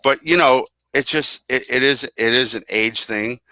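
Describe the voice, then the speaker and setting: A man's voice: mid-range voice, normal speed, sharp tone, dry recording. A middle-aged man co-hosting a casual music podcast, talking earnestly and drifting into tangents. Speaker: podcast co-host.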